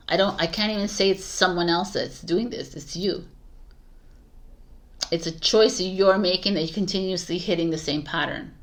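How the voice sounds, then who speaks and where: A woman's voice: lowish voice, steady tone, moderate pace. A woman doing a tarot reading for viewers, speaking casually with many restarts and bursts of emphatic advice. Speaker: tarot reader.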